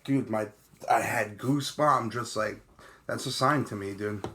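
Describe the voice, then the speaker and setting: A man with a Long Island accent, speaking in a bright, forceful voice. He tells stories with animated energy and peppers them with "bro" and "dude" as he co-hosts a casual podcast chat. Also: fairly low pitch, moderate pace, a little hiss or hum. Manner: animated storyteller, says "bro" and "dude" often. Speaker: podcast co-host.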